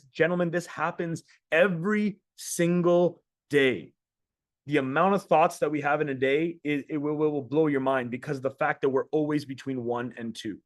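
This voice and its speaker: Coaching other men on a group call, this man delivers a blunt, casual motivational talk, repeating words and swearing at times. He has a fairly high voice, and the studio sound is clean with no echo.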